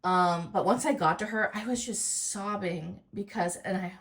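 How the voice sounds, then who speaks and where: A woman making a casual crafting vlog, speaking in a soft, heartfelt, rambling way. She sounds tearful and close to crying. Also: medium pitch, normal speed. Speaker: crafting YouTuber.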